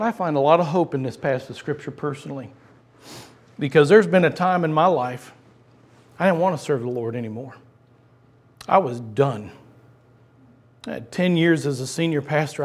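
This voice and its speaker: Middle-aged male pastor, high tenor, passionate sermon delivery that drops to a hush. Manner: impassioned, swings from loud to hushed.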